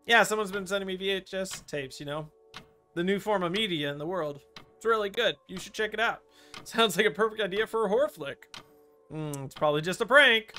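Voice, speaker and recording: A man playing a horror game and commentating, joking and teasing with sudden shouts and laughs. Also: sits high, fairly quick, faint music behind. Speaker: gaming streamer.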